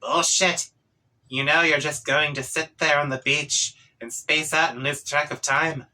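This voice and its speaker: A man's voice: a little high, steady tone, measured pace, bright, forceful tone, poor audio. A man voicing a sarcastic young male troll who talks in a snarky, exasperated way.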